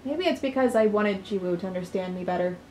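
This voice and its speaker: A woman reading the first-person lines of a troubled young woman in a game, quiet and plain. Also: mid-range voice, fast talker, echoey room, a little hiss or hum, voice pushed down, lightly acted, rough recording. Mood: subdued. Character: troubled young woman narrating her own story.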